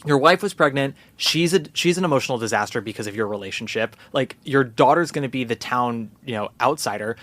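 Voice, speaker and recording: A young man hosting a podcast in casual chat, animated and profane, acting out quotes in little voices. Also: mid-range voice, brisk, hardly any pauses, no echo. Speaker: podcast host.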